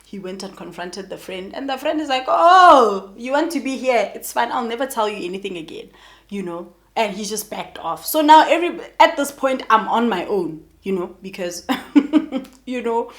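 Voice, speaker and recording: A young South African woman, a YouTuber with a South African accent, tells a personal story in a casual, chatty, animated way, talking straight to her viewers and calling them "guys." Her voice is mid-range and her pace moderate.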